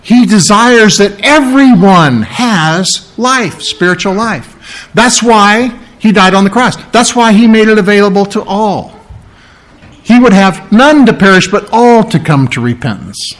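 A man's voice: high voice, lively intonation, measured pace, a bit bright. A man preaching a verse-by-verse Bible sermon, talking it through conversationally, with emphatic repetition and "all right?" checks. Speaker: pastor.

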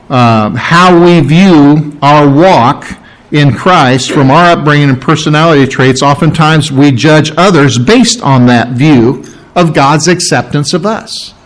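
A man preaching a sermon to a congregation, teaching from scripture with emphatic rises and restarts. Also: rough recording. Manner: animated preaching, rising in pitch for emphasis, with restarts. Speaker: pastor. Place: room with a congregation.

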